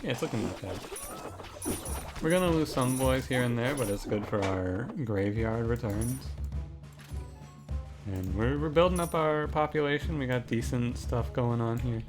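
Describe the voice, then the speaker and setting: A man's voice: medium pitch, moderate pace. A man giving casual gameplay commentary, rambling and joking as he often cuts himself off mid-sentence. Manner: rambling, jokey, self-interrupting. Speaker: gaming commentator. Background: background music.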